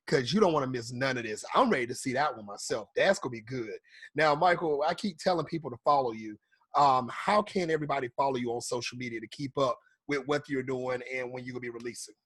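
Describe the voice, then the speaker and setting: A man's voice: medium pitch, fast talker, a bit bright, husky, no room sound. A male talk show host interviewing a guest, upbeat and talking to his audience. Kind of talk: interview hosting.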